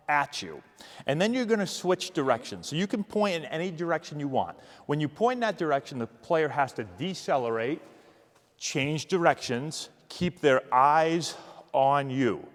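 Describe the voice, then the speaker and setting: A man coaching youth agility drills, giving energetic, encouraging cues while demonstrating. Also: on the high side, in a large hall. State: out of breath. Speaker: baseball coach.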